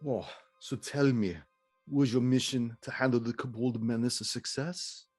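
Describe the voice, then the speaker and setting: A haughty old baroness with a husky smoker's rasp, as a game master puts her on. She presses for answers in a raised, pushy voice, with music faint behind. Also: medium pitch, steady tone, normal speed, a little mellow, lightly acted. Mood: imperious.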